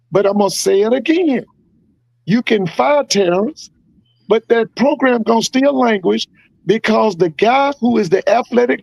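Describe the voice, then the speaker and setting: A man's voice: sits high, creaky, no echo, poor audio. An older man giving blunt, opinionated football commentary on a podcast, repeating his points for emphasis.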